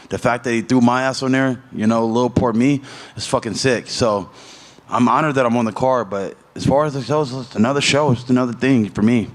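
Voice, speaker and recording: Loose-talking profane man telling a story. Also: medium pitch. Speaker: fighter at media scrum. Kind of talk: casual storytelling interview.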